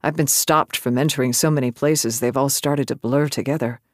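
A man's voice: mid-range voice, steady tone, moderate pace, no echo, clean studio sound, voice pushed up, natural voice. A male narrator voicing a curious young woman warrior from a foreign land, asking earnest, wondering questions. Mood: musing.

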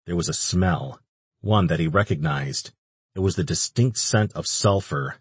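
A man reading an audiobook in steady, even scripted narration, recorded close on a studio mic. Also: deep voice, measured pace, breathy edge, no room sound.

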